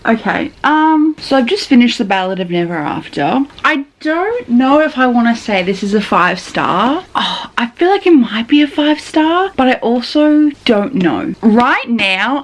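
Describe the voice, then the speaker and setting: A young woman chatting casually in a reading vlog, reacting excitably with laughs, gasps and swearing. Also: mid-range voice, unhurried, poor audio. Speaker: booktuber.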